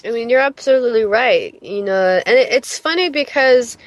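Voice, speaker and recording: A woman's voice: fairly high pitch, expressive, normal speed. A young woman hosting a casual podcast, thinking aloud in rambling sentences and putting questions to her co-hosts. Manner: thoughtful, rambling, restarts phrases. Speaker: podcast host posing questions. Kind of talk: casual chat.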